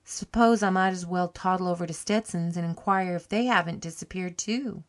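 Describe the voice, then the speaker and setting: A woman's voice: fairly low pitch, moderate pace, close to an everyday voice. A woman reading an audiobook, voicing an earnest young male farmhand who speaks in a rustic country dialect. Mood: dismayed.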